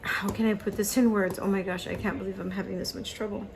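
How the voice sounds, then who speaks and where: A woman's voice: medium pitch, flat delivery, fast, gravelly, slight background noise, rough recording. A woman in her thirties telling a painful personal story in a vlog, hesitant, with many fillers and restarts, and choked up at times. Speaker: craft vlogger. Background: cartoon on TV in the background.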